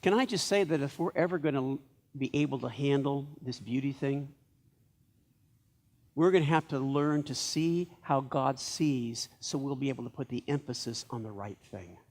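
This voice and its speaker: A man preaching a sermon as pastor of a church, telling stories in a lively way and acting out the lines of the people in them. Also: medium pitch, moderate pace.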